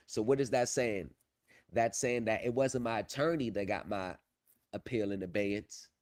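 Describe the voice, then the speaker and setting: A man's voice: lowish voice, normal speed, darkish tone. A man hosting a casual livestream, talking confidently and repeating himself, trailing off while he works his screen, into a streaming setup mic. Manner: confident, repetitive, drifts off while working the screen. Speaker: livestream host on pro se legal help.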